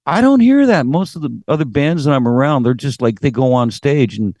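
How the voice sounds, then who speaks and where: A middle-aged Canadian man with a Canadian accent, a singer guest in a casual interview, telling animated stories, acting out quotes and swearing casually. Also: mid-range voice, brisk, no room sound, studio quality.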